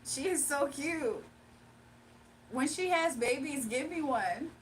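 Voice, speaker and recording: A woman's voice: sits high, expressive, measured pace, a bit bright, distant mic, a little hiss or hum. A young woman hosting a casual livestream, chatting with her viewers, gushing and laughing often. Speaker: livestream host.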